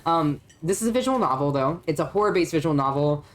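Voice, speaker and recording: A woman's voice: low voice, animated, quick pace. A woman streaming a game live, with casual, rambling commentary, giggling and breaking off mid-thought. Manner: giggly, rambling, self-interrupting.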